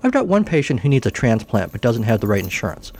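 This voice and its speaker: A man's voice: medium pitch, sing-song, fast, a little mellow. A man voicing a weary, sarcastic female hospital doctor who sounds exasperated.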